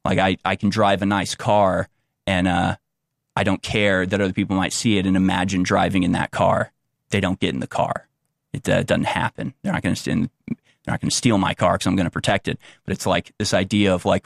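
A young man with a somewhat low voice talks through an unscripted commentary monologue, tripping over restarts and fillers. His tone is sarcastic and mocking toward the views he quotes. The recording is dry, with no room sound. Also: brisk, vocal fry, no echo. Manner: rambling with many restarts and fillers. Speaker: political commentator.

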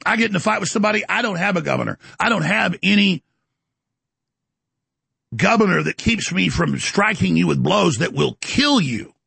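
A man hosts a talk show and rants through a boastful political monologue. His voice is high and swings widely, with a very gravelly, husky edge and a sharp, forceful tone. He slips into mocking voices as he goes. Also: lively intonation, normal speed, no echo. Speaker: commentary show host.

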